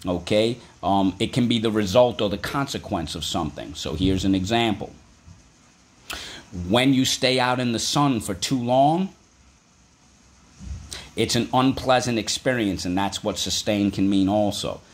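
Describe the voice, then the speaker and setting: A man's voice: lowish voice, unhurried. A male teacher giving a patient vocabulary lesson for children, spelling words out and asking the class to repeat them.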